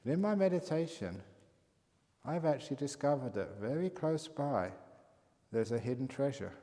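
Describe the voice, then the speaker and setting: A man voicing a kind, wise old male monk, speaking low and gently, as he tells a story in a sermon. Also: lively intonation, moderate pace, lightly acted. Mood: gentle. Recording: long hall reverb.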